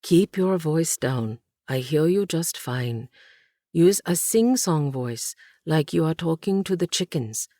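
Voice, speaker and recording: A woman narrator voicing a steady, protective grown man who gives firm, low-key instructions. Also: takes it slowly, dry recording, studio quality, heavily acted. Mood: tense.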